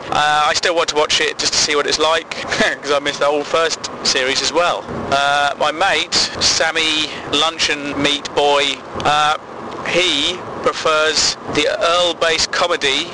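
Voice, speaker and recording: A young man from England chats through his comedy podcast in a loose, rambling way, peppering it with swearing and quick laughs at his own jokes. His voice sits slightly high for a man. A steady noise runs clearly underneath. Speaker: podcast host. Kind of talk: casual comedy podcast monologue.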